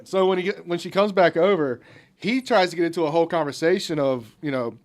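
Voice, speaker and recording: A man's voice: a little high, steady tone, brisk. A man co-hosting a podcast, telling a story in casual, profane banter and laughing along. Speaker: podcast co-host.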